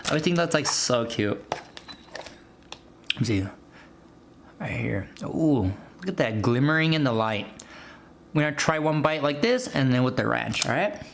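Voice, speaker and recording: A man's voice: medium pitch, lively intonation, normal speed, gravelly, long pauses, a little hiss or hum. A man hosting a casual food vlog, chatting to his viewers between bites and then reviewing a movie. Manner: chatty, talks to viewers as "guys" while eating; eats between lines with food noises.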